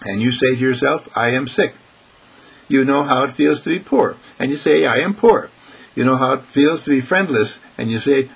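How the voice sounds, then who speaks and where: A man's voice: mid-range voice, poor audio. A man giving a short inspirational talk as dean of a healing school, repeating his points with emphasis and acting out his listeners' questions. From United States. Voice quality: gravelly, husky.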